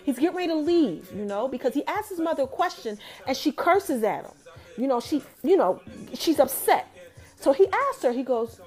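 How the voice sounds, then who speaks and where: Young woman, high voice, lively recap-vlog storyteller talking to her viewers, faint music underneath. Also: normal speed. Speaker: TV episode recapper. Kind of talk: casual TV recap.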